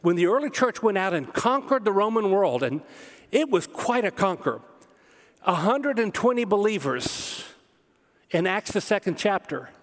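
A man's voice: sits high, sing-song, moderate pace. A preaching man with hall reverb. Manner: emphatic preaching with rhetorical questions. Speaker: pastor. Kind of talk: sermon.

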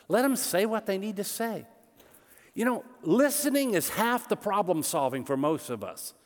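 A middle-aged man preaching a sermon as pastor, conversational and animated, joking with the congregation. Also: high voice. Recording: long church hall reverb.

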